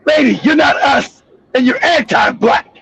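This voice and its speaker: A male live stream host giving heated, profane political commentary, ranting and often shouting. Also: very high-pitched, a little slow, vocal fry, dull audio, a little hiss or hum.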